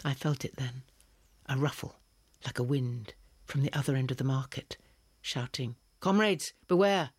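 A man reading a first-person story as a narrator, measured and expressive. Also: mid-range voice, slightly rough, dry recording. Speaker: audiobook reader.

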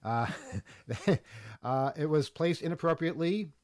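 A man's voice: on the high side, unhurried, darkish tone. Wry man reading news with asides. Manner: reads with many fillers and wry asides. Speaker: host. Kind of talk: casual panel chat, reading news aloud.

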